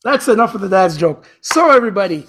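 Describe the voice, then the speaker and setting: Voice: medium pitch, lively intonation, quick pace, fairly bright tone. Rambling chatty show host. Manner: rambling, chatty, self-correcting, jokey. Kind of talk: casual spiritual talk.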